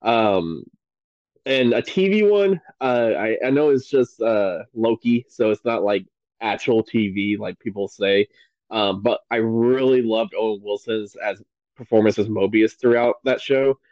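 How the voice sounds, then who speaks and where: A man with a slightly low voice chats on a podcast, eager and rambling, with plenty of "um" and "like." The sound is a bit dull and lo-fi, and dry with no room echo. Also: measured pace, darkish tone. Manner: enthusiastic, rambling with many fillers. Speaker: podcast guest. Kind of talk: casual podcast chat.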